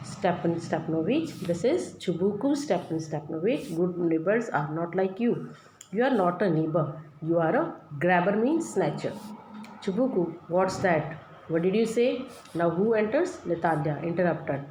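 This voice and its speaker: A woman's voice: fairly low pitch, lively intonation, moderate pace, a little mellow. A woman teacher going through a play line by line, reading each line and then paraphrasing it in plain words. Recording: echoey room with faint noise.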